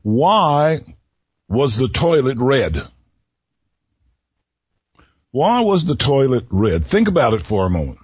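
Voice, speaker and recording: A man hosting a radio talk show who tells riddles to his listeners slowly, repeating each one and pausing before the answer, with a folksy manner. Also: medium pitch, sing-song, a little mellow, breathy edge, no room sound. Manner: folksy, chuckles at his own jokes. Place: radio studio. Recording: dull lo-fi radio recording.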